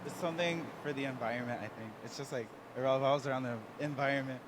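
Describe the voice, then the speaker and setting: A man stopped on the street, answering a quiz question quietly and unsurely. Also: mid-range voice, steady tone, fast talker, very noisy. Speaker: passer-by interviewee.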